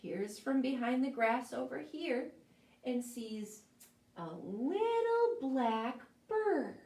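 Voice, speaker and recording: A woman librarian reading a story aloud to children in a playful, expressive way. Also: high voice, slow. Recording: echoey room, mic at a distance.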